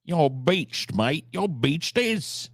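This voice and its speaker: A man putting on a put-on Australian accent to play a brash, slangy bloke cadging cigarettes, in a loud and cheeky comic impression. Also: on the high side, sing-song, drawn-out words, slightly rough, dry recording, studio quality, voice pushed up, exaggerated voice. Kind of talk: comic impression on a live stream.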